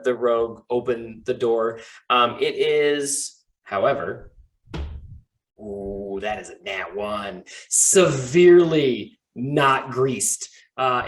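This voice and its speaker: Casting: relaxed male game master, casual and hesitant delivery. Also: medium pitch, poor audio. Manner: casual, halting with fillers, laughs easily. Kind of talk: narrating a tabletop game.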